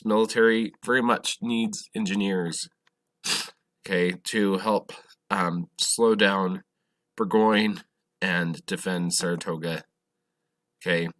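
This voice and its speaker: Male history teacher, lecture, low-pitched, slow and halting, bright tone. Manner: halting, self-correcting, asks questions of the class. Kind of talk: classroom lecture.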